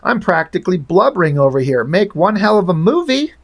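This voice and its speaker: A man's voice: sits high, big pitch swings, a little fast, exaggerated voice. A man reading the lines of a laid-back, wisecracking male comic-book hero in a breezy, joking way.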